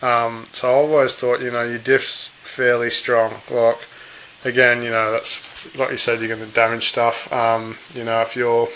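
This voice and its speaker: A man co-hosting a podcast, chatting in a relaxed, hesitant way with many pauses. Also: medium pitch, poor audio. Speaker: podcast co-host. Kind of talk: casual chat.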